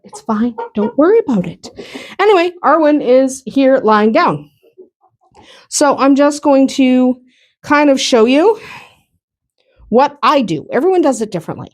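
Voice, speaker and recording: Woman farm vlogger, brightly pitched, easygoing and chatty with frequent laughs, recorded outdoors. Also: sing-song, normal speed, long pauses, dry recording. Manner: chatty, laughs often, jokes with the animals. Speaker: farm vlog host. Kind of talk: casual walk-and-talk farm vlog. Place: outdoors on a muddy, snowy farm.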